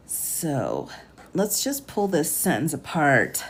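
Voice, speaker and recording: A woman with a lowish voice reads a legal filing aloud on a live stream and comments as she goes. She takes her time, breaks long sentences apart and rereads them. She cuts in with sighs and disbelieving questions. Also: wildly swooping pitch, takes it slowly, breathy edge. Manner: incredulous, interrupts her reading with sighs and "what?". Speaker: attorney.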